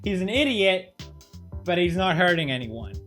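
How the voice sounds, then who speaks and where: A man's voice: sits high, sing-song, normal speed, sharp tone, soft background music. A man giving sarcastic reaction commentary, mocking and laughing between clips. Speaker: commentary host.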